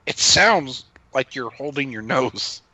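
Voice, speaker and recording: A man's voice: mid-range voice, animated, takes it slowly, a crowd in the background, low-quality recording. A man playing a tabletop game, chatting casually in a teasing, amused way. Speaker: player.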